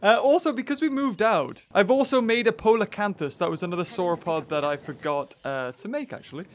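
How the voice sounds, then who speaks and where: A man hosting a let's play, chatting excitably and talking to the game's creatures as he plays. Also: sits high, fairly quick. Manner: excitable, chatty, talks to the game characters. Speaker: gaming channel host.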